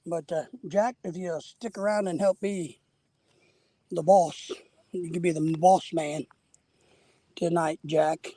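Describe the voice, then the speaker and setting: A man's voice: on the high side, fairly even intonation, slow, pauses often, mellow, dry recording. A man hosting a casual live stream while fishing outdoors at a lake, a little out of breath, rambling and greeting viewers by name.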